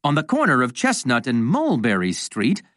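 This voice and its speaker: A woman's voice: extremely low pitch, wildly swooping pitch, moderate pace, fairly bright tone, no room sound, clean studio sound. A woman reading a rhyming children's book aloud in a sing-song way, lightly voicing the characters. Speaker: storybook reader. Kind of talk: children's read-aloud narration.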